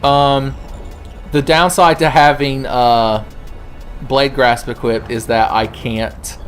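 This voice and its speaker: A young man riffs through a let's play, swearing freely and mocking the characters on screen. His voice sits at a middling pitch. Soft game music runs beneath him. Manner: profane, jokey, does silly voices. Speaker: gaming channel host.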